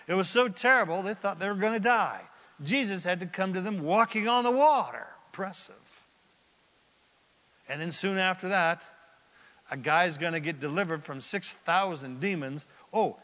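A man preaching with a high, bright, ringing voice. He swings from loud cries to hushed near-whispers as he makes his points. His words echo with the long reverb of a large hall. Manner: dramatic, swings from loud bursts to hushed asides. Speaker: pastor. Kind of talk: sermon.

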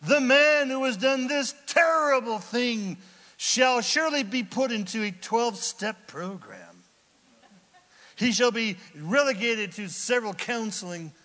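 A man's voice: high voice, lively intonation, moderate pace, sharp tone, big-room sound. A man voicing an indignant, hot-tempered biblical king who talks in modern slang. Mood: outraged. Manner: outraged, then scheming, in modern slang.

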